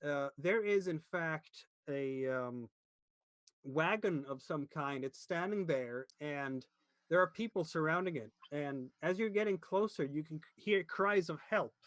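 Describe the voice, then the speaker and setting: A man narrating a tabletop game as game master, pausing often to search for words. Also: fairly high pitch, a bit bright, no room sound.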